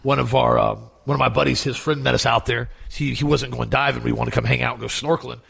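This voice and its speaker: Raspy gravelly dude co-hosting, chatty, tells stories off the cuff. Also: male voice, mid-range voice, steady tone, fairly bright tone. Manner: conversational storytelling, halting restarts. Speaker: talk show co-host. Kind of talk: casual chat.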